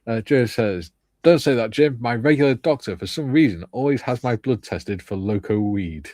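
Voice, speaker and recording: A man's voice: medium pitch, expressive, moderate pace, darkish tone, no echo. An older man hosting a casual livestream, joking as he reads out viewers' comments. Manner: jokey, reads out chat comments. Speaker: livestream host.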